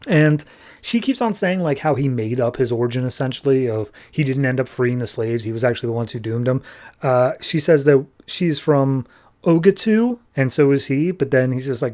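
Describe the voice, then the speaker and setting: A man hosting a podcast, casually recapping comic book issues in a loose, chatty way, full of "like" and quickly paraphrased dialogue. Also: medium pitch, animated, warm tone. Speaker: podcast host.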